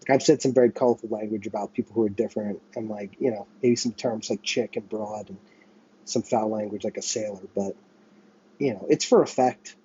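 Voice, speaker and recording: A man from the US vents to camera in a profane, rambling monologue, often restarting and apologizing mid-sentence, with a window air conditioner running in his small apartment. He's a vlogger with a fairly low, dark voice, fairly even intonation and a slightly fast pace; the audio has its highs cut off and some faint hiss or hum.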